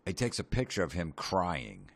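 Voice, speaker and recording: A man hosting a comedy podcast, ranting sarcastically with lots of swearing and deadpan asides. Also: low voice, moderate pace, creaky.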